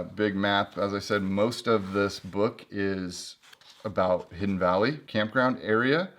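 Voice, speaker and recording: Chatty male host, casual book review, lowish voice, joking asides. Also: fairly bright tone. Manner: chatty and joking, flips through pages. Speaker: host reviewing an old climbing guidebook.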